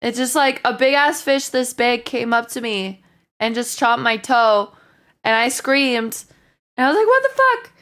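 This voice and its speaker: A young woman chatting loosely to her stream audience, her voice sitting a little high. She talks at an unhurried, drawn-out pace, looping through "like" and "um" as she goes. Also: steady tone, a bit bright. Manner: rambling storytelling with many likes and ums. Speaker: livestreamer. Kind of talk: casual chat with stream viewers.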